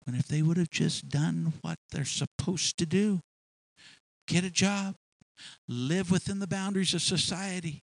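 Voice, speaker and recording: A man's voice: high voice, measured pace, vocal fry, no echo, low-quality recording. A man preaching a sermon in a storytelling way, drawing out key words for emphasis and often restarting his phrases.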